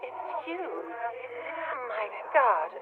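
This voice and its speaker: A fragile ghostly intercom voice. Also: female voice, fairly high pitch, sing-song, full character voice. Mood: sorrowful. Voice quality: crackling, fragile. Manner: halting, tearful pleading. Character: fragile, ghostly woman on an antique intercom, sorrowful. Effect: old intercom static filter. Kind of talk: game voice acting. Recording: tinny intercom line with music.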